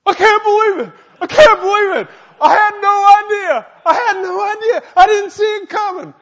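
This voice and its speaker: An animated giant of a guy, yelping high and loud, squeaky and breathless, dull lo-fi sound. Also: normal speed. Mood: shocked. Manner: breathless repeated exclamations. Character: frantic, excitable grown man, big and tall. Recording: dull lo-fi recording.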